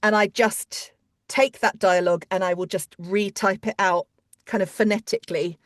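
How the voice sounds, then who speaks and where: A woman chats about her narration work, quick and full of restarts and asides. Her voice sits mid-pitch, recorded close on a dry mic with no room sound. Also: fairly even intonation, no echo. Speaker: audiobook narrator and coach. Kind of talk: casual interview chat.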